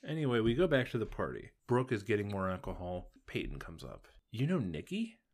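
Podcast co-host, man, plain and steady, walks through plot points. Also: fairly low pitch, fairly quick. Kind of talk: casual TV recap narration.

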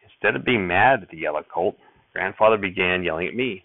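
A man narrating a first-person audiobook chapter in steady storytelling, recorded with tinny phone-like sound. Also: sits low, fairly quick, no room sound.

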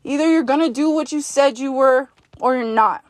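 A woman hosting a podcast, talking to herself in the second person in a blunt, profane, forceful pep talk. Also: sits high, normal speed, dry recording. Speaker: podcast host. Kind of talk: self-directed pep talk monologue.

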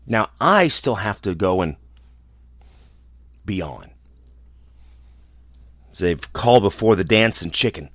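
A man who hosts a show, talking alone in a small room in a reflective, earnest way, often restarting and trailing off softly. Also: fairly low pitch, animated, no echo, studio quality. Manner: earnest, halting, with restarts and soft trailing endings. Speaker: radio host. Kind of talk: reflective casual monologue.

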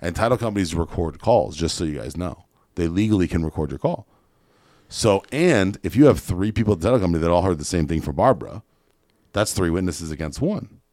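A man's voice: sits low, animated, fairly quick, darkish tone, dry recording, studio quality. A man who is a guest entrepreneur, telling a story in a casual podcast chat. He is blunt and swears a lot, and he acts out the other people's lines.

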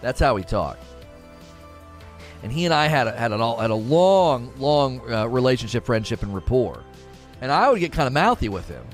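This middle-aged gaming streamer has a mid-range, sing-song voice at normal speed. He chats casually and jokes on his livestream, repeating his phrases, with faint music behind.

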